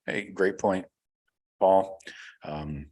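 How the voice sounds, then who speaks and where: A man with a low, deep voice hosting a casual live show. He rambles through viewer comments in a relaxed, loose way, with plenty of fillers and the odd swear word. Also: drawn-out words. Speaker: podcast host reading live chat. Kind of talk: casual livestream chat.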